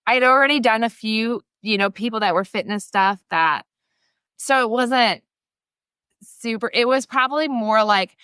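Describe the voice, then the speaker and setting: A woman in her thirties telling stories as a photographer guest, chatty and animated, laughing often and acting out what people said. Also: on the high side, unhurried, clean tone, dry recording. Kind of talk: casual storytelling interview.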